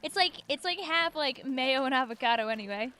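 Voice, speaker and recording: A streamer from New York, USA, with a Long Island accent chats loosely while gaming on a livestream, her voice high and bright with lively intonation and a slightly fast pace. She rambles from one thought to the next and answers viewers' chat messages aloud as they arrive, in an easy, talkative way. There's slight background noise.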